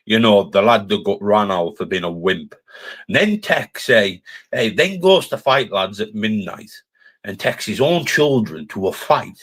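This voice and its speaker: A man with a Cumbrian accent, ranting through a live-stream roast in an aggressive, sweary, taunting way. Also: lowish voice. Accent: Cumbrian English. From Cumbria, England.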